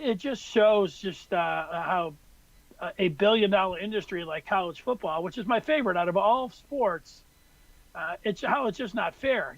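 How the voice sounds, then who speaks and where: High-voiced man ranting about sports. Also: fairly bright tone, no echo, dull audio. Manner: rambling, exasperated storytelling. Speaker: podcast co-host. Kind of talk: casual sports talk.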